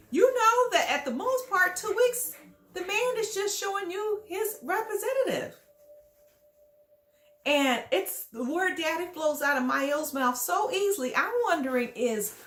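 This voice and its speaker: A woman's voice: extremely high pitch, a bit bright. A woman giving casual reality TV commentary, sassy and scolding as she talks straight at the people she judges. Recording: echoey room.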